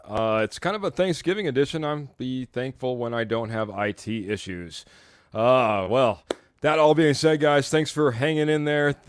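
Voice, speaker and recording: A man's voice: medium pitch, moderate pace, clear, resonant tone, no room sound. An upbeat man hosting a live fan sports stream, chatting loosely and reading viewer comments aloud with easy laughs. His voice sits in a middle register, close and dry with no room sound. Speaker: host.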